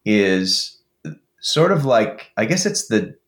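A low-voiced man talks eagerly in a loose, rambling way, full of fillers and restarts. His voice rings in a roomy space with a clear echo. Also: sing-song, takes it slowly. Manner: enthusiastic, rambling with many fillers. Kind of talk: casual chat.

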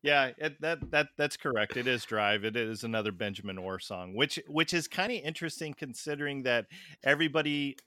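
Bright, crisp-voiced male podcast host. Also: medium pitch, expressive, fairly quick, dry recording. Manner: chatty, quizzes co-hosts with trivia. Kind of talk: casual music review chat.

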